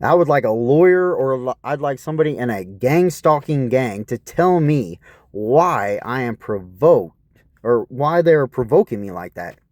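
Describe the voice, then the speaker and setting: A man vents a long, rambling personal account in a put-upon, profane tone. His pitch swings up and down a lot, and his voice is dark and mellow. The recording is close and dry, with no room sound. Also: animated, normal speed, dry recording. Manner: aggrieved, profane, repeatedly asks what is wrong with people. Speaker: vlogger.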